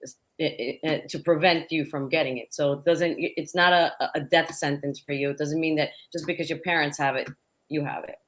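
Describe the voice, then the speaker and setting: A woman in casual conversation, talking in halting bursts with stammered restarts. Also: low voice, fairly even intonation, a bit bright. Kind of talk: casual panel chat.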